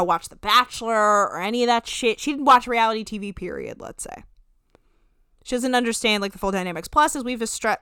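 Bright, crisp-voiced woman ranting on a podcast. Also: a little high, dry recording, clean studio sound. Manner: animated, profane, ranting. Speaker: podcast host. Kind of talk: casual recap chat.

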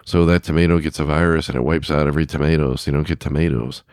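A man hosts a casual podcast chat, rambling with lots of fillers and restarts. He talks fast in a very deep, steady, smooth, slightly mellow voice, recorded dry in a clean studio.

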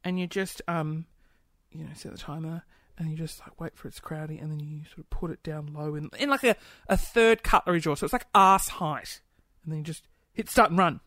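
A woman's voice: sits low, a little fast, a bit bright, dry recording. A woman hosting a casual stream, chatty and playful, giggling and gasping as she reads out comments. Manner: giggly, chatty, playful, with gasps and little asides. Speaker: livestream host. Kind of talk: casual chat, reading viewer comments.

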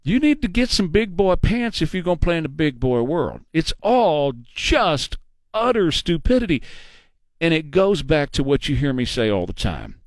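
A man's voice: a little high, big pitch swings, moderate pace, no room sound. Guy hosting talk radio, blunt and mocking, dry studio mic. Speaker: radio talk show host. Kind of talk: opinionated talk radio monologue. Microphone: studio microphone.

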